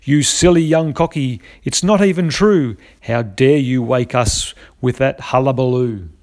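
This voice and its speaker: A man's voice: medium pitch, unhurried, darkish tone, natural voice. A man voicing a stern female lorikeet who scolds in a storybook. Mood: scolding. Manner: scolding, tut-tutting.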